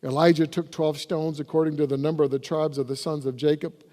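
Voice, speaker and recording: Mellow-voiced man preaching in an echoing church. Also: fairly high pitch, flat delivery, quick pace. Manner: preaching with rising emphasis while reading scripture aloud. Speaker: pastor. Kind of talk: sermon. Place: church sanctuary. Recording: reverberant church hall.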